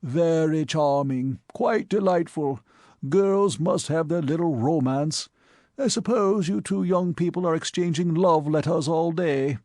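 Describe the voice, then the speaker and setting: A man voicing a genial, pompous elderly gentleman in an audiobook, fussy and self-satisfied. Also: fairly high pitch, measured pace, dry recording, studio quality, voice pushed up, lightly acted. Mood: beaming. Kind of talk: audiobook character voice.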